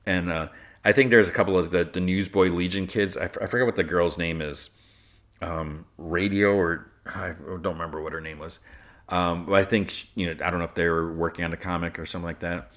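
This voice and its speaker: Guy with a really low voice going over an episode, chatty and rambling, lots of ums and restarts. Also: steady tone, a little fast, a bit bright. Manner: rambling, many fillers and restarts. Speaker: podcast host. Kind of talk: casual episode recap.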